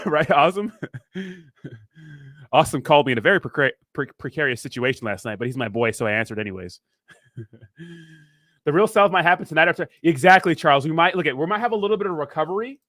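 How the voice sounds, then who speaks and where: A man's voice: on the high side, animated, fairly quick, pauses often, fairly bright tone, no room sound, studio quality. A man hosting a casual crypto livestream, rambling and joking as he reads viewer comments aloud.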